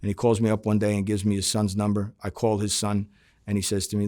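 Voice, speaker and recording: A man's voice: lowish voice, monotone, fast talker, dark tone. A middle-aged man, a former undercover agent, telling his story in an interview, acting out quoted dialogue and swearing freely.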